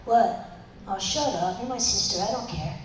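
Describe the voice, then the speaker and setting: A woman voicing a big sulky teenage boy who snaps gruffly and brattily at his sister, heard from far off in an echoey hall. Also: mid-range voice, moderate pace, background noise, natural voice. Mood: bratty.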